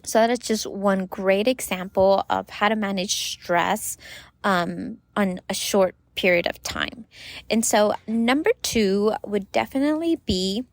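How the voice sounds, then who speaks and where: Woman host in her thirties, casual advice podcast, chatty, lots of fillers, mid pitch. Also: a little slow, no room sound. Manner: chatty, many "you know" fillers.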